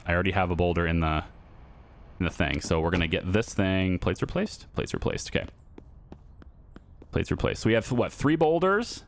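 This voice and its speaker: Chatty low-voiced gaming commentator. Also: male voice, a little hiss or hum. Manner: chatty, repeats himself, laughs easily. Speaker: gaming YouTuber. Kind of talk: casual gameplay commentary.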